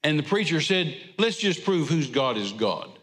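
A man's voice: a little high, big pitch swings, normal speed, a bit bright. A man preaching a sermon, telling a Bible story in a folksy way. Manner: folksy storytelling with drawled asides. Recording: echoey hall reverb.

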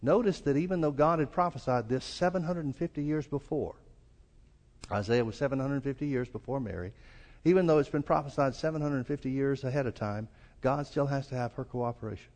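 A man's voice: brisk, a little mellow. A man with a Southern US accent preaching a sermon as pastor, folksy and acting out the quoted lines. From American South. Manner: folksy, acts out quoted lines with rising pitch. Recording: long reverb of a church hall.

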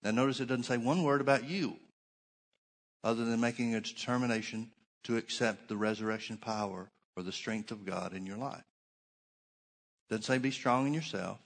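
A middle-aged man preaching a sermon in an ordinary mid-range voice. He drives his points home by slowing down and repeating phrases. His delivery rises and falls as he teaches from scripture. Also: medium pitch. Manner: preaching with shifting emphasis, slows to stress points. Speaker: pastor.

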